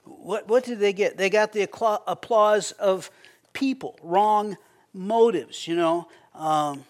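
Male pastor, high voice, relaxed sermon, stammering restarts, acts out prayers. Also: slow. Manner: conversational, repeats words when starting sentences; acts out quoted prayers with a raised voice.

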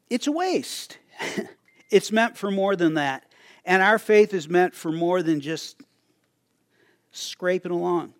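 An older male pastor delivers a sermon in a relaxed, conversational manner, restarting phrases and chuckling as he goes. His voice sits a little high for a man. The sound is close and dry, with no room echo.

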